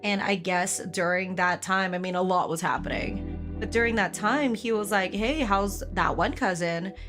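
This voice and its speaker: Chatty hoarse young woman streamer. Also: medium pitch, normal speed, over music. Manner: animated storytelling, laughs often, swears casually. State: hoarse from karaoke. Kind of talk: casual chat to a live stream.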